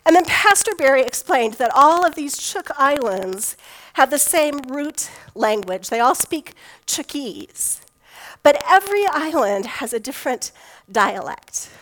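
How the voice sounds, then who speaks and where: A woman's voice: high-pitched, sing-song, unhurried, fairly bright tone, low-quality recording. Woman preaching a folksy, conversational sermon. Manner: conversational storytelling with folksy humor. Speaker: pastor.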